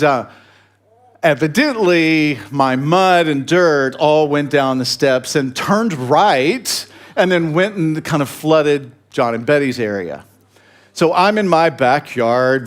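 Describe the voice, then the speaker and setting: Chuckling pastor telling a story. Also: male voice, fairly high pitch. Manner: humorous, self-deprecating, chuckling asides; conversational, with fillers and restarts. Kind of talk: sermon storytelling.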